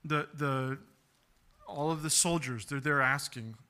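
A man's voice: on the high side, a little slow, sharp tone. A man preaching a sermon, earnestly asking rhetorical questions and acting out bits of dialogue. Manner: asks rhetorical questions and acts out quoted dialogue; earnest, repeats words as he builds points. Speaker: pastor.

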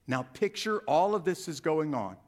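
A man's voice: a little high, normal speed. A man preaching a sermon as pastor, rising in volume and emphasis on key phrases. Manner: animated preaching, swelling louder on key phrases.

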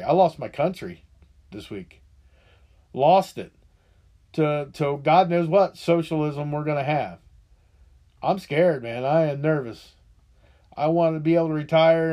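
A man's voice: on the high side, moderate pace, dark tone. A middle-aged man hosting a podcast, ranting angrily with heavy profanity, frequent restarts and a frustrated, rambling delivery. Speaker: podcast host. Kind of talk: angry political rant.

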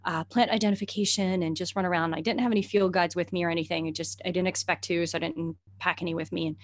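A middle-aged woman, a herbalist and naturalist, telling a story in casual conversation, animated and chatty, often laughing and using many fillers. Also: lowish voice, fast talker.

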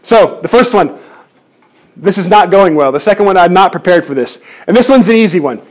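A man preaching a sermon in church, animated and jokey, often restarting his words. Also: sits high, fairly quick. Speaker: pastor.

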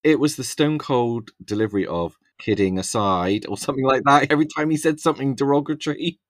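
A man's voice: mid-range voice, fairly quick, no echo, clean studio sound. A man co-hosting a casual review chat, mostly agreeing in short replies and chuckling. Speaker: podcast co-host reviewing a TV episode.

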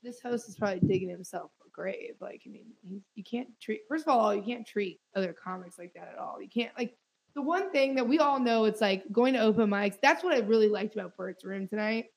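Chatty young woman host, husky. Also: medium pitch, a little fast. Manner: chatty, many fillers. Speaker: podcast host. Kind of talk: casual podcast chat.

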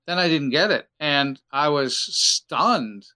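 A man's voice: a little high, expressive, slow pace, sharp tone. A man who works as an actor, telling joking, rambling stories in a casual chat.

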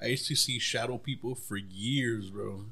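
A man's voice: medium pitch, moderate pace, bright, forceful tone. A man telling stories as a podcast guest in a laid-back, profane way, calling people "bro". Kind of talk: casual chat.

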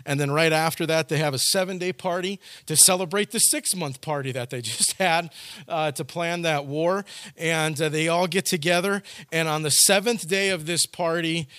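A man's voice: a little high, a bit bright, dry recording, clean studio sound. A male pastor preaching a sermon in a casual storytelling way, often restarting his phrases.

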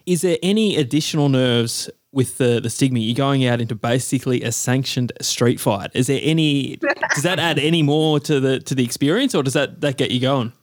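A man hosting a casual podcast interview, asking measured questions with small restarts. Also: mid-range voice, no echo, clean studio sound. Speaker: podcast host.

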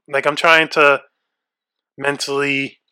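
A man's voice: mid-range voice, little pitch movement, slow pace, sharp tone, smooth. A young man co-hosting a casual podcast chat, nervous and shaky, swearing freely as he frets aloud. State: shaky and freaked out. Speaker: podcast co-host.

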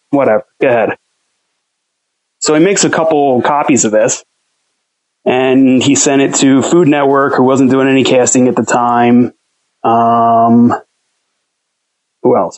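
A young man with a mid-range voice rambles through a long story as a guest on an interview, cursing freely and acting out the lines he quotes. He talks at a normal speed with long pauses, and the recording is rough. He's a home cook.

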